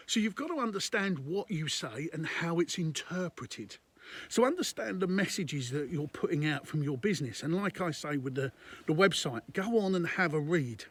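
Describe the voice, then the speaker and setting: A man's voice: on the high side, expressive, moderate pace, fairly bright tone, slightly rough. A man, a business consultant, giving conversational and emphatic business advice to camera, repeating his points.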